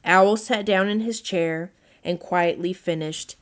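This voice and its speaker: A woman reading a children's storybook aloud as narrator, in a gentle read-aloud manner. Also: lowish voice, slow.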